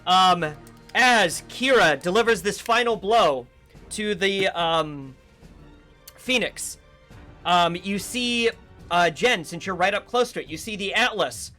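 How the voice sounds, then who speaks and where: A man's voice: high voice, expressive, slow pace, pushed and bright, soft background music. A man narrating as game master of a tabletop game, in loose, filler-heavy narration.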